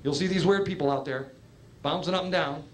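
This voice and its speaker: A man from Georgia doing a stand-up routine, animated storytelling with acted voices. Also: a little high, a little fast. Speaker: stand-up comedian. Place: comedy club. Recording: live club recording with crowd laughter and noise. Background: audience laughter.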